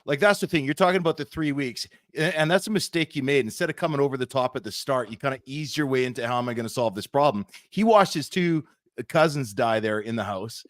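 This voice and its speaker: A man's voice: medium pitch, fast, no room sound, studio quality. A man co-hosting a podcast, chatting in a joking, emphatic way. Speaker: podcast co-host. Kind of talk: casual banter.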